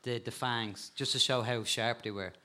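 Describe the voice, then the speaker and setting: A man with an animated way of telling stories, a guest talking casually about insects and spiders and laughing at times. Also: mid-range voice, normal speed. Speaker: guest, insect and frog expert. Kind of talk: casual storytelling chat.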